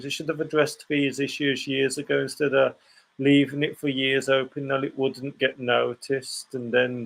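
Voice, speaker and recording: A man's voice: medium pitch, vocal fry. A young man, a student, co-hosting a podcast and giving rambling opinions in casual chat. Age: young adult. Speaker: podcast co-host.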